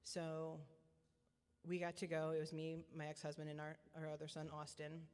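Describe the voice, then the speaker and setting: A middle-aged woman giving a personal testimony as a parent, earnest and repetitive, often halting and restarting her sentences. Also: deep voice, monotone, a little mellow, clean tone. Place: church hall. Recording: long church hall reverb.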